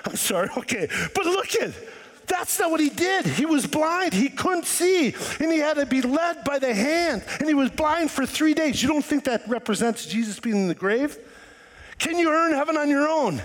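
A man's voice: extremely high pitch, big pitch swings, normal speed. A man preaching a sermon to his church, firing rhetorical questions at the congregation and acting out voices. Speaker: pastor. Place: church hall. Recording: long reverb of a church hall.

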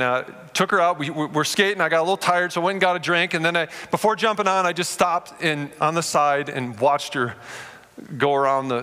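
A man in his forties preaching a sermon to a live audience, telling stories in an animated way and speaking to them directly. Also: on the high side. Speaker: pastor. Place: large room before a live audience. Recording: long reverb of a large hall.

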